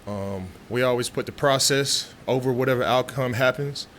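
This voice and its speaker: A man's voice: mid-range voice, normal speed, a little hiss or hum. A man, answering reporters' questions in a loose, chatty way, full of fillers and restarts. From Texas. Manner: relaxed, talkative, frequent fillers and restarts. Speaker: football player at press conference. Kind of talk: casual press interview. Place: media room after practice.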